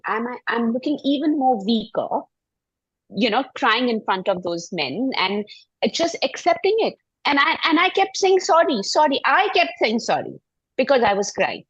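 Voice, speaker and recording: A middle-aged Indian woman on a discussion panel, telling a personal story with halting starts and emphatic points. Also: medium pitch, slightly rough, no echo, lo-fi sound. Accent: Indian English. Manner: halting, frequent restarts, emphatic. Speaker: panel speaker.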